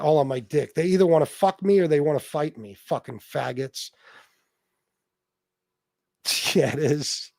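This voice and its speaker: A man's voice: on the high side, expressive, a little slow, mellow, no echo. Blunt, profane man hosting a livestream. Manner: blunt and profane, reading out viewer names. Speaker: livestream host. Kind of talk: casual livestream chat.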